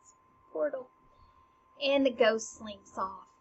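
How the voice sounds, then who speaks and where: A woman teacher walks through a play in a chatty, slangy way, paraphrasing as she goes. Her voice sits fairly high, and the recording sounds a little dull and lo-fi. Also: takes it slowly, husky. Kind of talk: casual lesson explaining a play. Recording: slightly muffled lo-fi recording.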